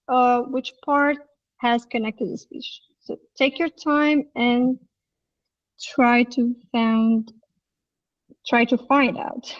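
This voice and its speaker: A woman teaching an English lesson in a live online session, explaining patiently and reading examples slowly. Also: sits high, far from the mic, muffled recording.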